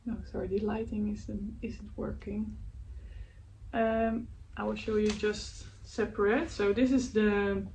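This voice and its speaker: Woman knitting host, slow and hesitant, slightly distant mic. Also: medium pitch, fairly even intonation. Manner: hesitant, searching for words, many fillers; laughs softly at herself. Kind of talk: casual show-and-tell chat. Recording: faint background noise, voice a bit distant from the mic.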